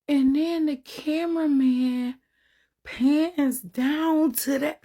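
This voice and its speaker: A woman's voice: sits high, drawn-out words, long pauses, dark tone. A woman giving casual reaction commentary, sounding exasperated and drawn out.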